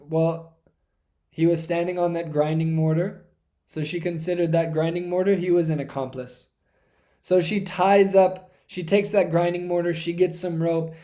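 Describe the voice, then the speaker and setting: Give me a man narrating a sacred childhood tale in a devotional talk, slightly high voice, dramatic delivery. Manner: dramatic, swings from hushed to intense. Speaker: spiritual speaker.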